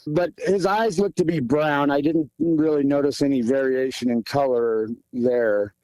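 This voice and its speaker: A man's voice: fairly high pitch, steady tone, unhurried, warm tone, no room sound, poor audio. A man in his forties from the Pacific Northwest, a hunter answering interview questions in a plain, repetitive way with many fillers. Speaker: guest, hunter describing a sighting.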